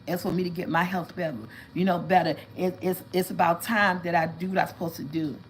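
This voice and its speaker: A woman chatting casually with viewers on a livestream, telling animated stories and calling them y'all. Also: lowish voice, fairly quick, a little hiss or hum, rough recording. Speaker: vlog host.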